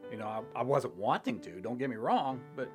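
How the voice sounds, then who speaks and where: An older man sharing his personal faith testimony in a halting, reflective way, with pauses and short laughs between thoughts. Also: mid-range voice, very animated, soft background music. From Illinois, US. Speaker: church member sharing testimony.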